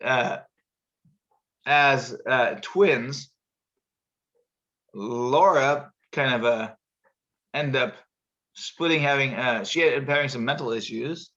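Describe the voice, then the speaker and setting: A man's voice: medium pitch, takes it slowly, long pauses, pushed and bright, lo-fi sound. A man hosting a casual video-call chat, telling a long rambling story and acting out what people said with big jumps in his voice. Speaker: show host telling a story.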